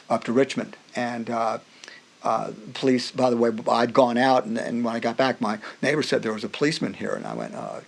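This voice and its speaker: A middle-aged man, a music professor guest on a podcast, telling personal stories in an animated way, acting out other people's voices and often restarting his sentences. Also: medium pitch, vocal fry, breathy edge. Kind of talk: personal storytelling in a conversation.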